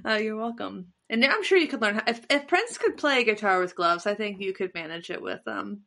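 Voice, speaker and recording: A woman's voice: mid-range voice, animated, brisk, vocal fry, bright, forceful tone. A woman co-hosting a casual podcast chat, playful and jokey, laughing often. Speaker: co-host.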